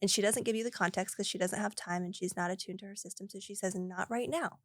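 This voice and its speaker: A woman coach talking in a casual interview, animated and acting out little voices as she explains. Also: mid-range voice, fast talker, dry recording, clean studio sound. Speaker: podcast guest, breathwork coach.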